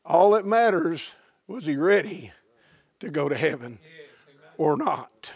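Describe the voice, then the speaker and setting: Male preacher, sermon, dramatic storytelling, lively pitch, dry close sound. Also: breathy edge, no room sound, lo-fi sound. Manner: dramatic storytelling, slow drawn-out phrases dropping low.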